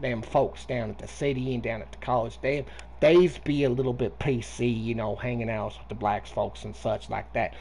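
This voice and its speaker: A man's voice: medium pitch, fairly even intonation, normal speed, vocal fry, a little mellow, a little hiss or hum, voice pushed down, close to an everyday voice. A man putting on a folksy rural Southern man with a Southern accent, drawling and playing dumb in a rambling way. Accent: Southern US (put on).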